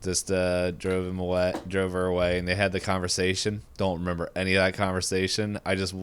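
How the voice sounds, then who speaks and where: A man's voice: sits low, monotone, a little fast, slight background noise. A man co-hosting a casual podcast, talking about a film in a laid-back, joking, rambling way. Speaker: podcast co-host.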